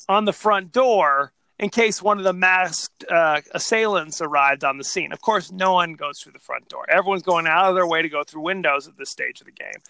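Podcast co-host: a lively man with a high, bright voice on a dry close mic. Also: dry recording. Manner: animated, laughing, retells scenes in quoted voices. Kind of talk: casual chat.

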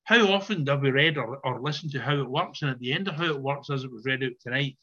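A man's voice: medium pitch, fast talker, sharp tone, muffled recording. An older man giving an earnest, emphatic personal testimony to a recovery meeting, sometimes repeating his words, over a video call.

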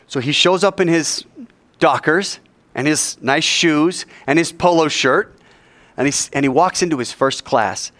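A man preaching a sermon, telling a story with lively acted-out voices. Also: a little high, unhurried, no echo. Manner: animated, acts out characters in his story. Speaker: pastor.

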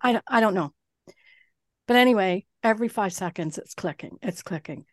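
Woman podcast co-host, lively storyteller who does the other voices, close and dry. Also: mid-range voice, moderate pace, dry recording. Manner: animated storyteller, swears, mimics others. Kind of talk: casual chat.

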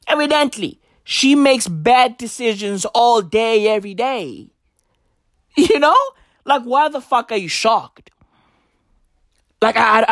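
A man's voice: sits high, fairly bright tone, dry recording, clean studio sound. A man ranting to camera in a profane, emphatic way, with constant filler checks and a lot of repetition. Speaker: vlogger. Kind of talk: ranting commentary.

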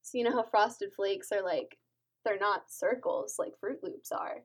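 A woman co-hosting a podcast in casual chat, loud and laughing often. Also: mid-range voice, a little slow. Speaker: podcast co-host.

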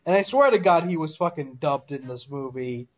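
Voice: medium pitch, fairly quick, lo-fi sound. A podcast co-host in a casual movie review chat, talking bluntly and swearing a lot. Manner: blunt and heavily profane.

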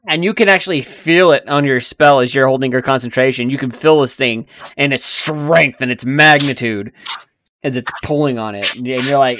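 A man's voice: mid-range voice, moderate pace, a little hiss or hum. A man running a tabletop game as game master, narrating the fight and swearing freely. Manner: swearing, laughing, lively narration.

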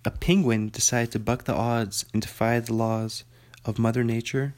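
A man's voice: medium pitch, level tone, normal speed, darkish tone, natural voice. A man playing a showy male TV news anchor, reading long mock-formal sentences.

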